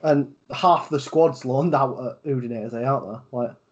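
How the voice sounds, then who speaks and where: A man's voice: mid-range voice, moderate pace, muffled recording. A man with a Yorkshire accent co-hosting a casual football podcast, rambling with lots of fillers and free swearing. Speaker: podcast co-host.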